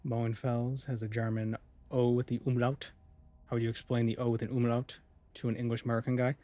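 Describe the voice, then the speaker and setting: A man's voice: medium pitch, little pitch movement, brisk, warm tone. Rambling male game streamer. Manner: rambling, reads viewer comments aloud and answers them. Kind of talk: casual live-stream chat.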